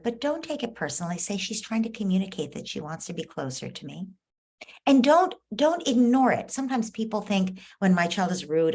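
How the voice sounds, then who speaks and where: A woman with a lowish voice answers parents' questions in a live advice session. She coaches in a steady way and slips into short lines a parent or child might say. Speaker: parenting expert answering callers.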